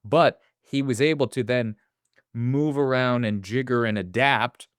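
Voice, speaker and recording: A man co-hosting a casual movie podcast, animated, swearing freely and acting out quotes in little voices. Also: mid-range voice, unhurried, no echo, studio quality. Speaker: podcast co-host.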